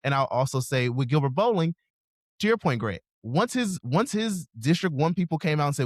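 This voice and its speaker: A man hosting a podcast, talking politics in a measured, conversational way and weighing both sides. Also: on the high side, big pitch swings, no room sound, clean studio sound. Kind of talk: casual political discussion.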